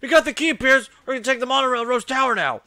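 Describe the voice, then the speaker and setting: A man voicing an eager, excitable teenage boy rival in a game, shouting upbeat lines. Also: extremely high pitch, fast talker, no room sound, faint music behind, pitched above the performer's own voice, full character voice. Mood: excited.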